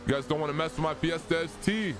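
A man's voice: fairly high pitch, fast talker, noisy background. A young man streaming a racing game live, chatting casually and answering viewers' chat as he plays.

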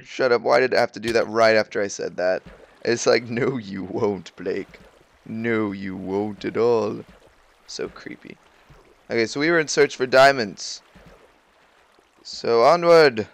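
Excitable gravelly teen gamer. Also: male voice, mid-range voice, dry recording. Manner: excitable, exclaims and grumbles at the game. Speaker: gaming video creator. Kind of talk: casual gameplay commentary.

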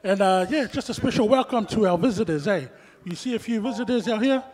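A man's voice: sits high, a little fast, a little mellow. A man co-hosting a church service, giving easygoing, chatty welcomes to visitors, pastors and the congregation. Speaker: church program co-host. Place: church hall. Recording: hall reverb with guitar behind.

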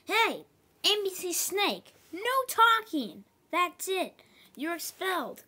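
Lady doing a loud bossy cartoon teacher, high and bright, yelling at the class. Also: big pitch swings, takes it slowly, exaggerated voice. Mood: scolding. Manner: shouting, bossy, scolding. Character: angry strict teacher, a logo character. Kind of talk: amateur logo cartoon voice acting.

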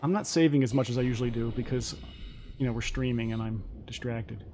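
A man talking casually through a survival game, musing aloud as he plays. His pitch sits in an ordinary middle range, and a faint hiss runs under the recording. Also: fairly even intonation, fairly quick, dark tone. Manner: chatty, musing aloud while playing. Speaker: gamer playing on stream. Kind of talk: casual let's-play chat.

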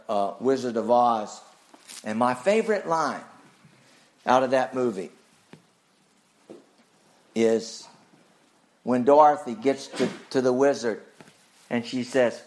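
A male pastor preaching a sermon emphatically, asking rhetorical questions and swinging his pitch widely. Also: expressive, measured pace, long pauses.

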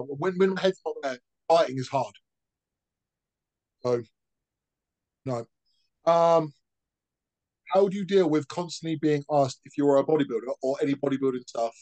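A man talks bluntly in a casual podcast chat, using slang and swearing freely. His voice sits a little high for a man. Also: darkish tone, rough recording. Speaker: podcast co-host.

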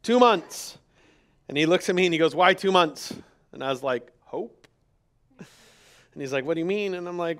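Candid male pastor with a gravelly voice. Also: medium pitch, normal speed, fairly bright tone. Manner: candid, storytelling, quoting others in dialogue. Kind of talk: sermon. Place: church sanctuary.

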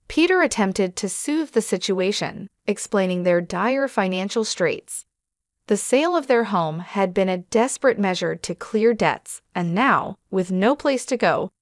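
A woman narrating a first-person family drama story in an even, measured reading style. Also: medium pitch, no echo, studio quality.

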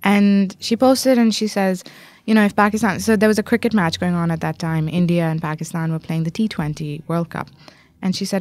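A journalist and author, she fields interview questions by telling a story fluently and emphatically, in a lively way. Her lowish voice moves fairly quickly.

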